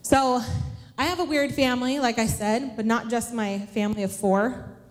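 A woman's voice: on the high side, moderate pace. Chatty woman telling stories in a reverberant hall. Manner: chatty, humorous, self-deprecating, asks the audience questions. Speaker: women's class teacher. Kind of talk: casual storytelling talk to a church class. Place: large hall with an audience. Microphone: handheld microphone.

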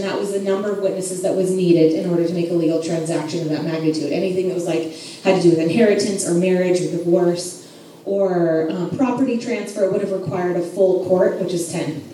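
A woman's voice: fairly low pitch, mellow. Woman teaching in an echoey room. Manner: chatty and joking, laughs at herself. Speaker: Bible study teacher. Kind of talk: casual Bible teaching. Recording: echoey room from far off, faint noise.

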